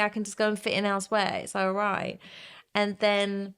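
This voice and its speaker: A middle-aged woman, a guest in an interview, telling her story in an expressive, animated way with frank language. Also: mid-range voice, moderate pace, clean tone. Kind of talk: casual interview conversation.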